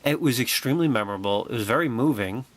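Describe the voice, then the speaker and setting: Animated man telling a wry story. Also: medium pitch, quick pace. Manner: animated, excitable, wry and sarcastic. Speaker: vlogger. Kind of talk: personal anecdote storytelling.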